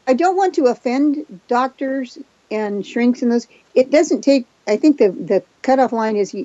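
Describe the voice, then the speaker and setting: A woman raised in Japan with Japanese as her first language, a therapist and hypnotist telling her story fast and self-assuredly as a radio guest. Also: on the high side, warm tone, no room sound, lo-fi sound. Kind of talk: casual chat on a radio show.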